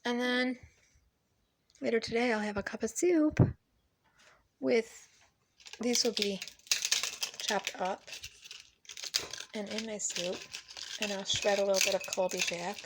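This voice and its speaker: A woman's voice: medium pitch, steady tone, slow pace, long pauses, heavy background noise. Blunt, emphatic woman vlogging in her kitchen. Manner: blunt, emphatic, swears freely. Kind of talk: casual cooking vlog with opinionated talk. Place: home kitchen.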